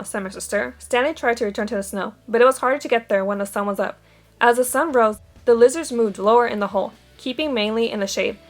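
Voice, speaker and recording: A woman with a somewhat high voice reads a chapter of a novel aloud in steady storytelling fashion. She gives the quoted characters light voices of their own. Soft music plays faintly behind her. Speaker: audiobook reader.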